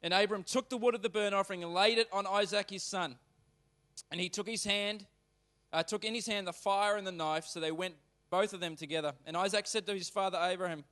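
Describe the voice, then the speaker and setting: A male pastor gives a sermon in church with a fairly high voice. He moves between reading scripture and loose, animated talk, often turning suddenly loud or quiet. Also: fairly quick, long pauses.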